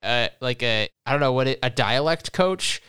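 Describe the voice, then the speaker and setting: A woman's voice: extremely low pitch, lively intonation, normal speed, fairly bright tone, smooth. A woman co-hosting a podcast, chatting casually about a TV episode with dry, teasing humor. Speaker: podcast co-host. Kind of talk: casual recap chat.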